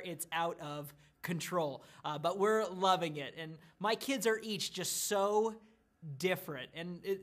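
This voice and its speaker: A pastor in his thirties speaks to church small groups in a recorded video message. He tells stories about his kids with a lively storyteller's manner before turning to scripture. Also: sits high. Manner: warm storytelling, animated about his family.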